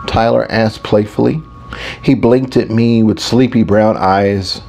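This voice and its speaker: Male narrator, first-person audiobook, low voice, warm and mellow, intimate, reflective. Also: slow, vocal fry.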